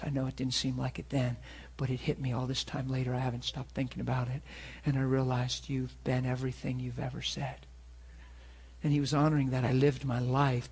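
A pastor preaching a sermon and telling personal stories in an earnest way, sometimes dropping soft and sometimes rising loud. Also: male voice, mid-range voice, husky. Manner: earnest storytelling, swings from soft confessional to loud emphatic.

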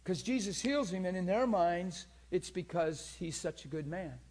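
A man preaching a sermon, telling healing stories in a lively, teasing way and laughing often, moving from quiet asides to loud peaks. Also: high voice, normal speed. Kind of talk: sermon storytelling about healings.

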